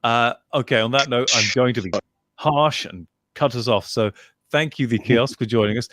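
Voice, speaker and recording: Brief: man hosting a livestream, mid-pitched, dry sound, upbeat and chatty. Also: normal speed, a bit bright, no echo. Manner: upbeat, chatty, laughs easily. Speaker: host. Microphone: video call.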